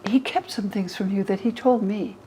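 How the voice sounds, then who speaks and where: An older woman voicing Mary Magdalene, a calm, steadfast female disciple who speaks earnestly and reassuringly. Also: mid-range voice, moderate pace, a little hiss or hum, close to an everyday voice. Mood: firm.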